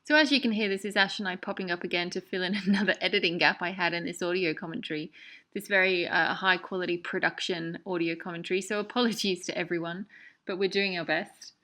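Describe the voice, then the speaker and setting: A woman's voice: fairly low pitch, steady tone, fast, sharp tone. A woman who made the documentary, chatting and joking through its audio commentary. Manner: chatty, laughing, self-deprecating. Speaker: documentary filmmaker.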